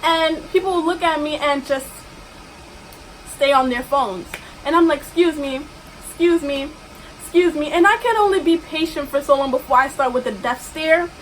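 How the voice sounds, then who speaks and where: A young woman rants straight to camera about her job, exasperated and emphatic. Her voice sits high. A faint hiss runs under the recording. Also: moderate pace, fairly bright tone, poor audio. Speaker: vlogger. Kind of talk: ranting storytime vlog.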